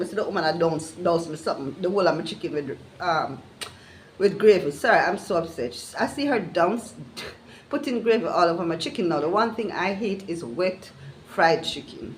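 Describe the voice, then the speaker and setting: A woman's voice: on the low side, normal speed, a little hiss or hum, low-quality recording. An older woman, telling a fed-up story about bad customer service in a casual vlog rant. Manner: exasperated, animated, retelling conversations. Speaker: vlogger.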